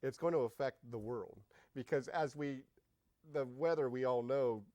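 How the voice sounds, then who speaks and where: A man guest-hosting a talk show, interviewing a guest in an excitable, halting way with frequent laughs. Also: medium pitch, no echo. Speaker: guest host. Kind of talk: casual interview.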